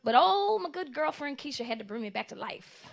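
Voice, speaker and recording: A woman doing live stand-up comedy in an animated, conversational way, playing to the audience. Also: sits high, a little fast, gravelly, slight background noise.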